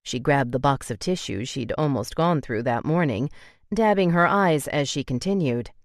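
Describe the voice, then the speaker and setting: A woman's voice: extremely low pitch, lively intonation, normal speed, no echo, clean studio sound. A woman narrating a romance audiobook in an emotive way, voicing the tearful heroine's lines with feeling.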